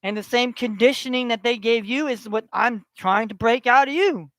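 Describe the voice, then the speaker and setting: A man's voice: very high-pitched, normal speed, fairly bright tone, no room sound. A man delivering a heated, profane rant to his online audience, repeating himself as he builds his tirade. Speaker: online ranter.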